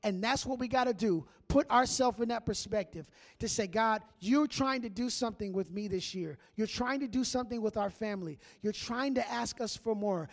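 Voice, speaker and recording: Male pastor, high-pitched voice, animated sermon delivery with call-and-response. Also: vocal fry.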